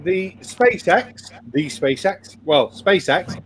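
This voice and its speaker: A man hosts a livestream with casual, wry banter. His voice sits a little high. Faint ambient noise sits behind him. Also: lively intonation, takes it slowly. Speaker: livestream host.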